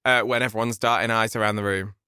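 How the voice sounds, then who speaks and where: A man co-hosting a podcast and putting smooth, well-formed questions to a guest. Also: lowish voice, steady tone, fast talker, pushed and bright, dry recording, clean studio sound. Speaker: podcast co-host. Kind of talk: interview questions.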